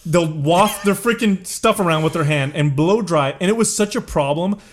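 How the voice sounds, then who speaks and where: A man with a fairly high voice chats casually on a podcast. He swaps crude gym stories and jokes freely, laughing often with his co-hosts. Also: moderate pace, a little hiss or hum. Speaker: podcast co-host, gym manager. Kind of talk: casual chat.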